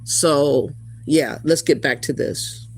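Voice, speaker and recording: A man's voice: on the high side, fairly even intonation, slow pace, slightly rough. A man hosting a livestream, reacting to a clip and reading chat in an indignant, ranting way. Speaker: commentary host. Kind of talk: livestream commentary.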